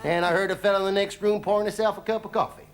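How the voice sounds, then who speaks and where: A man's voice: high voice, steady tone, racing, lightly acted. Man putting on a drawling hick American traveller. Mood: cheeky. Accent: put-on American Southern drawl. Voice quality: folksy drawl with "ooh-wee" whoops. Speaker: comedian in character. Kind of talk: 1970s TV stand-up monologue in character. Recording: 1970s TV studio with audience noise.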